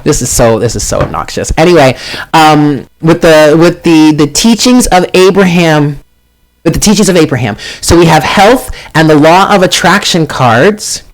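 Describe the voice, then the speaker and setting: Brief: male live-stream host, higher-pitched, talkative, self-mocking, at a home desk mic. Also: expressive, normal speed. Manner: chatty, self-deprecating, exclaims often. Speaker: tarot reader and channel host. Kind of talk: casual live-stream chat.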